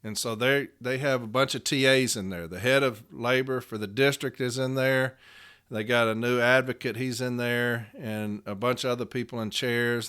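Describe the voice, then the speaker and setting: Guy doing his podcast, smooth clear voice, blunt and cussing, chuckles a lot. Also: mid-range voice, steady tone, moderate pace, a bit bright. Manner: blunt, profane storyteller who often chuckles. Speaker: union advocate and podcast host. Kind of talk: casual monologue podcast.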